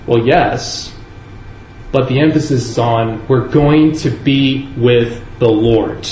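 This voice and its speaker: A man preaching a sermon in a church, earnest and measured, leaning on key words with slow emphasis. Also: mid-range voice, a little mellow, a little hiss or hum. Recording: echoey room with faint ambience.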